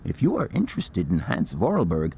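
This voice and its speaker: An actor playing a formal, courteous older professor in a video game. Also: male voice, low voice, huge pitch swings, fairly quick, vocal fry, mellow, a little hiss or hum, full character voice. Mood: assured. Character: eccentric older male professor, grand and formal. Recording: game audio with faint background ambience.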